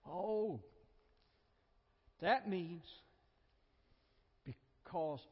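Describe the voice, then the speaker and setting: Southern guy preaching, high voice, kinda husky, dull echoey church recording. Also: drawn-out words. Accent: Southern American. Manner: conversational, with joking asides and repeated phrases. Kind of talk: sermon.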